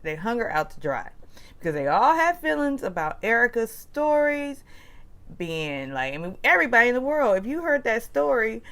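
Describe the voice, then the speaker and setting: A woman recaps reality TV in a casual, gossipy voice. Her pitch swings up and down animatedly, and she talks in chatty, quick-changing bursts. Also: very animated, a bit bright. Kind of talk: casual commentary.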